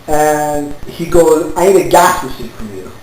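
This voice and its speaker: A man's voice: a little high, animated, measured pace, a little mellow. A man casually telling an anecdote to friends, swearing and acting out both sides of an argument. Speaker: storyteller among friends. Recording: very echoey room with faint ambient noise.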